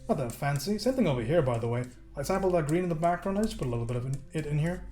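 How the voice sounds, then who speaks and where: Racing along in a fairly high, mellow, expressive voice, an American man hosts a live painting stream. Faint music sits behind him as he casually jokes with viewers and paints digitally.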